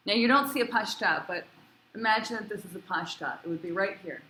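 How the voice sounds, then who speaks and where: A woman's voice: mid-range voice, brisk, sharp tone, roomy sound, slight background noise. A woman cantor teaching a class, chatty and encouraging, asking her students questions. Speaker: cantor teaching Torah cantillation.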